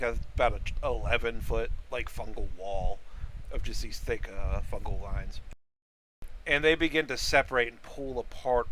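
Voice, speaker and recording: Bright-voiced man running a tabletop game. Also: mid-range voice, slight background noise, low-quality recording. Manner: descriptive, halting, many fillers. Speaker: game master.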